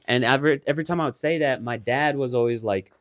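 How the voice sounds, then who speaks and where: A man's voice: mid-range voice, fast talker. A young man co-hosting a podcast, telling a long casual story, swearing freely and laughing often. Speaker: podcast co-host. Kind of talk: casual chat.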